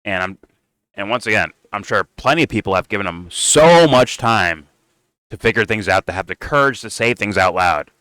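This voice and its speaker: Male commentator, profane and heated; low, clean, dry close sound. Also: animated, normal speed, sharp tone, clean tone, no room sound, rough recording. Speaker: political commentator. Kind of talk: casual reaction commentary.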